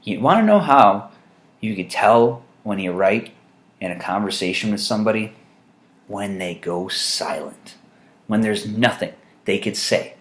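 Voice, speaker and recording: A man telling funny stories as a vlog monologue, wry and rambling, with loud mock voices for the people he quotes. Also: lowish voice, expressive, unhurried. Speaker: vlogger. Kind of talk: humorous storytelling monologue.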